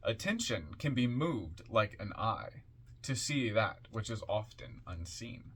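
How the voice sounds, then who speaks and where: A man reading passages from an occult book aloud in a measured, deliberate way, with offhand asides in between. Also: on the low side, sing-song, fairly bright tone, slightly rough.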